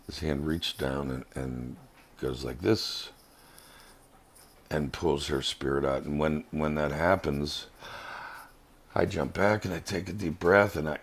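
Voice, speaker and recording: A man with a very deep, flat voice tells a personal spiritual story. He speaks slowly, in an earnest and halting way, like a vlogger giving his testimony. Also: husky.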